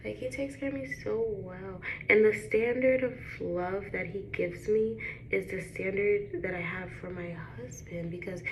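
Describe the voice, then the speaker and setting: A woman, chatting to viewers while doing her makeup, animated and talkative. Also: medium pitch, a little slow. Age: 20s. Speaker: beauty vlogger. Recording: echoey room with background noise.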